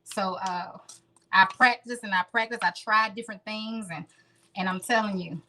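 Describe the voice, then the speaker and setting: A woman's voice: mid-range voice, fairly even intonation, normal speed, pushed and bright. A woman in her thirties hosting a casual live cooking stream from her home kitchen, chatting straight to her viewers. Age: 30s. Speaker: home cooking show host.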